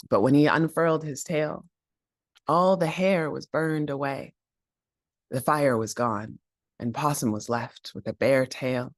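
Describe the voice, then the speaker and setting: A man telling a folk tale aloud in an animated, playful way, with chanted sound effects. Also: mid-range voice, slow pace, no echo, clean studio sound. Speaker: storyteller.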